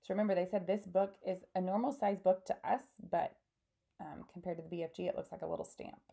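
A woman's voice: fairly low pitch, steady tone, gravelly, mellow. A woman teacher reading a storybook aloud and giving encouraging instructions to her class. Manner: slow, encouraging instructions to children.

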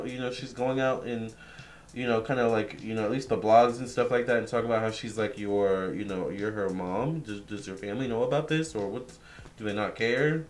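A man's voice: fairly low pitch, normal speed. A young man giving a casual psychic reading, relaying what a spirit tells him with many fillers and restarts. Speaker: tarot reader.

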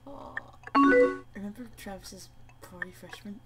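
A woman plays through a chat game and reads every message aloud, breaking off to swear and laugh at it. Her pitch bounces around a lot. She sits a little back from the mic, and loud game music runs underneath her. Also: unhurried, distant mic, rough recording. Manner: animated, swears and laughs between read-out lines. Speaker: let's play gamer. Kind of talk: reading game chat aloud with live reactions.

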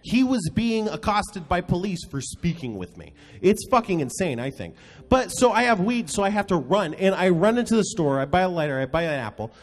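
A drunk young man telling rambling, excitable anecdotes to a live podcast audience. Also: sits high, a little fast. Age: young adult. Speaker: show regular. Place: live stage before an audience.

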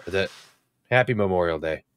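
A man's voice: deep voice, moderate pace, clear, resonant tone, no echo, clean studio sound. Casual, openly emotional male podcast host.

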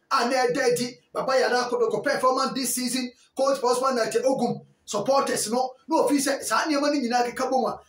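A man with a Ghanaian accent giving emphatic, opinionated football commentary, his voice rising into bursts of near-shouting. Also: very high voice. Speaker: sports commentator. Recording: roomy echo, distant mic.

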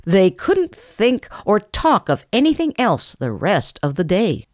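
A woman narrating a children's animal storybook aloud, gently putting on the characters. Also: medium pitch, huge pitch swings, a little slow, hardly any pauses, dry recording, clean studio sound. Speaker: audiobook narrator.

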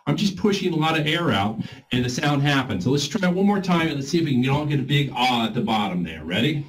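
A man leading a group voice warm-up class in an informal, encouraging coaching way. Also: mid-range voice, big pitch swings, fast talker, slight background noise, low-quality recording. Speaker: voice exercise instructor.

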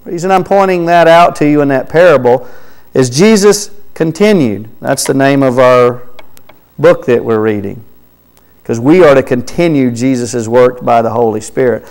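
A man preaching a sermon, reading scripture aloud with rising emphasis and dropping to quiet asides between verses. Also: medium pitch, moderate pace, low-quality recording. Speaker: pastor. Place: church sanctuary.

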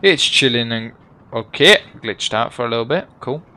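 Young man, gameplay commentary, lively swooping pitch, joking and excitable, swears a lot. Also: normal speed. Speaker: gaming YouTuber.

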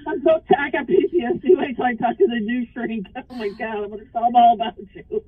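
Husky woman on a phone line. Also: fairly high pitch, expressive, fast, no room sound. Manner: blunt, swearing, laughs often. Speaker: caller. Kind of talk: casual phone call on a livestream.

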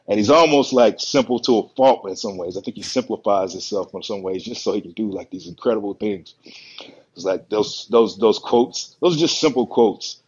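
A man who is a bodybuilder and podcast guest, telling stories in a relaxed, rambling way and acting out the quotes. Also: fairly low pitch, moderate pace, breathy edge. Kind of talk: casual storytelling on a podcast. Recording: muffled lo-fi podcast audio.

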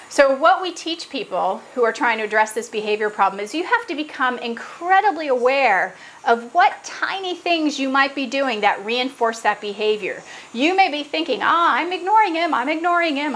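A woman's voice: a little high, a bit bright, low-quality recording. A middle-aged woman, an animal trainer, patiently explaining parrot training with examples over a video call. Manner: earnest, patient, example-driven.

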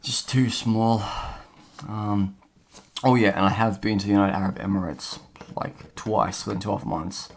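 A man's voice: lowish voice, steady tone, measured pace. A man vlogging casually as he scratches off a map, rambling and chatty with lots of fillers. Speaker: travel vlogger.

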